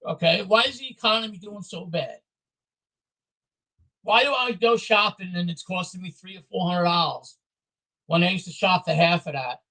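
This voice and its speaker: A man's voice: high voice, moderate pace, pauses often, bright, forceful tone, poor audio. A man ranting angrily on his own video, blunt and repetitive. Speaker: vlogger. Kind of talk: angry political rant to camera.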